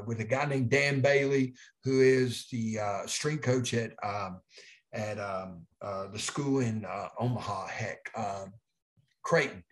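A middle-aged man, a strength coach rambling through a folksy story in an interview answer. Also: mid-range voice. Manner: folksy, rambling, Southern turns of phrase.

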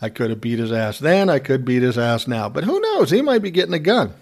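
A man's voice: medium pitch, sing-song, a little fast. A middle-aged man casually telling a personal story, wry and often laughing as he goes. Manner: wry, laughing, self-described smart aleck.

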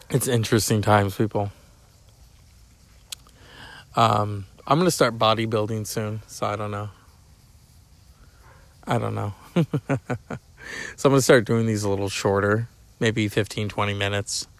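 A man's voice: on the low side, steady tone, measured pace, pauses often, no echo. A middle-aged man hosting a podcast, rambling casually, joking and swearing while chatting to his cat. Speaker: podcast host.

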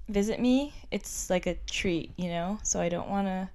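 A woman's voice: medium pitch, normal speed, darkish tone. A young woman in a casual chat, telling a story with lots of filler words. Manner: chatty storyteller, filler-heavy.

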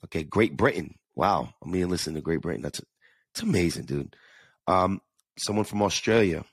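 A man's voice: deep voice, animated, normal speed, breathy edge, dry recording, studio quality. A man with a New York–New Jersey accent hosting a casual solo podcast, chatty and earnest, often restarting and repeating words. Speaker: podcast host.

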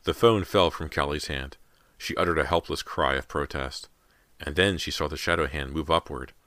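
A man narrating a horror audiobook in a measured storytelling manner. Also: extremely low pitch, sharp tone, no echo.

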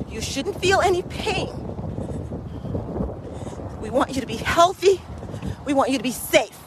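Very high-voiced woman coaching a brisk walk. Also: background noise. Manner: encouraging, repetitive coaching cues. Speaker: walking pace coach. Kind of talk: motivational workout vlog while walking. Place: outdoors in a park.

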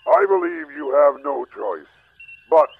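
A man's voice: a little high, wildly swooping pitch, unhurried, creaky, breathy edge, full character voice. A man voicing a commanding, cryptic male ruler who speaks only over a ship's speaker. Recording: tinny phone-like speaker line.

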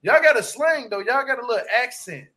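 A man, chatting casually with loud, laughing, slangy, animated storytelling. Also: extremely high pitch, brisk. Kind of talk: casual joking chat.

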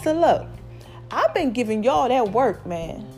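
A woman from New Jersey with an accent that blends Jersey and the American South, casually sharing faith testimony straight to her viewers in lively slang. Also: a little high, unhurried, soft background music. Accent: New Jersey mixed with Southern US. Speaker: vlogger.

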